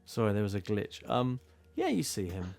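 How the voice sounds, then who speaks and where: A man narrating a tabletop horror game as game master, describing scenes at a measured pace. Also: lowish voice, huge pitch swings, creaky, a little mellow, soft background music. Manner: descriptive, slow when setting a scene.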